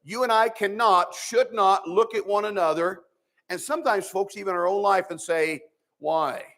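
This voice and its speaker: A man preaches to his Sunday school class in a fairly high voice. He speaks plainly and conversationally, then surges into loud, emphatic rises before dropping back low and quiet. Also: moderate pace. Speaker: pastor.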